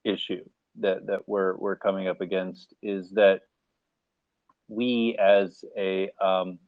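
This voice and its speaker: An American man speaking as a panelist in a casual live discussion, animated and acting out little scenarios as he talks. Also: low voice, slow pace, no room sound. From United States. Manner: animated, acts out mock scenarios, laughs. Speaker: AMA panelist. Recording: tinny phone-like line, dry.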